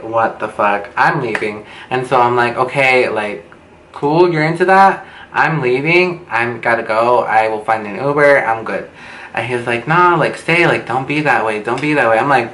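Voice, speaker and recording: A young man telling a storytime vlog, animated and swearing, acting out what people said with big jumps in pitch. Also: moderate pace, creaky. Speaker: vlogger. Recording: echoey room with faint background noise.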